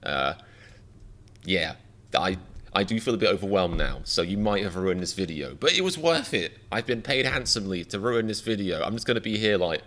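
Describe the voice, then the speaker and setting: Lively, jokey man reacting live. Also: deep voice, moderate pace. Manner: jokey, rambling, self-mocking. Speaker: reaction streamer.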